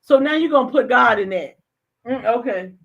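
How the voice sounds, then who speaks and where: A woman's voice: a little high, expressive, normal speed, gravelly. Emphatic woman host, dull lo-fi sound. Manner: emphatic, repeats phrases. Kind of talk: casual chat.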